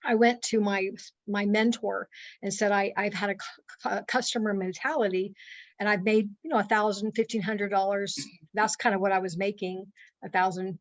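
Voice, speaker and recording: A middle-aged woman speaks in a mid-range voice, telling a personal story to listeners on a call. She is earnest and halting, filling gaps with "um" and restarting sentences. The recording is close and dry, with no room sound. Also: mid-range voice, dry recording, highs cut off. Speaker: guest speaker.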